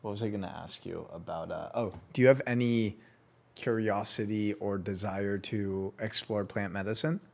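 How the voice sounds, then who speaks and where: A man hosting a podcast, asking relaxed questions and giving short replies while his guest talks. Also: lowish voice, moderate pace, creaky. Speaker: podcast host. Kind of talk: casual interview.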